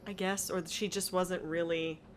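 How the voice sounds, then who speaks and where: A woman co-hosting a casual podcast, with a voice a little lower than most women's. She talks bluntly and wryly and swears freely. A faint noise sits under her voice. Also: steady tone, unhurried. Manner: wry, blunt and profane. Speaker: podcast co-host.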